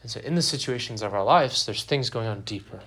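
A man's voice: fairly low pitch, animated, brisk, a bit bright, husky. A young man preaching a sermon in a church, in a conversational, joking way with acted-out quotes. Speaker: pastor. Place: church sanctuary.

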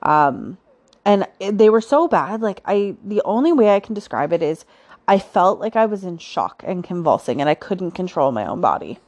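A woman's voice: lowish voice, sing-song, moderate pace, darkish tone. A woman hosting a podcast, telling her own story in a chatty, casual way with frequent fillers. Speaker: podcast host.

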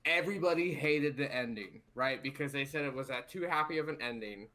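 A man's voice: mid-range voice, a little fast, bright, forceful tone. A man in a casual podcast chat, telling a story with swearing and frequent rhetorical "right?". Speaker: podcast co-host.

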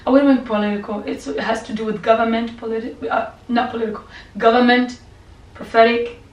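A woman's voice: on the high side, level tone, fairly quick, highs cut off. Impassioned woman preaching in an echoey room. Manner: impassioned, repetitive, drops to soft whispered prayer. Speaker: pastor. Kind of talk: sermon and prayer. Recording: echoey room, voice from a distance, faint background hum.

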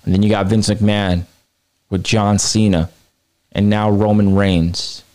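A man hosting a wrestling podcast, delivering a heated, profane opinion rant that swings between low mutters and high outbursts. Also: level tone, a little slow, a little mellow, clean tone. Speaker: podcast host.

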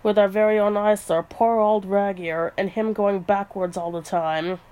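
A man's voice: high voice, flat delivery, normal speed, a little mellow, smooth, close to an everyday voice, rough recording. A woman voicing a superstitious, talkative male ferret henchman with folksy, old-fashioned turns of phrase. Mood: spooked.

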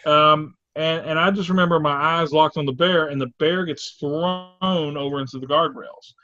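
A man telling a story in casual chat, animated and acting out the quotes with exclamations. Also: a little high, normal speed. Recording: dull lo-fi dry recording.

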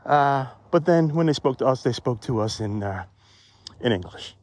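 A man's voice: medium pitch, animated, normal speed, a little mellow, no room sound. Musing man vlogging on a phone outdoors. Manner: rambling, conversational, musing. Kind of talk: reflective walking vlog. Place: outdoors in a cemetery. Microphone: phone held while walking.

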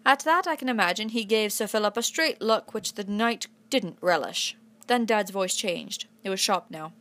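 A woman narrating a classic adventure novel aloud in an imitated English accent, in steady first-person storytelling. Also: mid-range voice, normal speed. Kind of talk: storybook reading.

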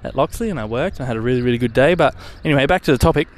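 A man's voice: mid-range voice, racing. Young male podcast host, loose and chatty, mid-range voice, light traffic hum outdoors. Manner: rambling, relaxed, swears casually. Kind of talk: casual solo podcast chat.

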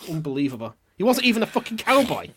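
A man's voice: sits high, sing-song, fast, fairly bright tone, slightly rough. A man, co-hosting a podcast and telling a story with lots of swearing and mock drama. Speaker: podcast co-host.

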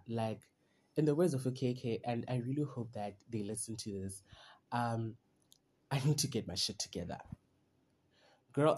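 A man's voice: mid-range voice, dark tone. A young man, hosting a solo podcast in a chatty, heartfelt way and rambling with lots of "you know" and "like". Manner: rambling, disconnected thoughts. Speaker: podcast host. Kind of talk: casual solo podcast monologue.

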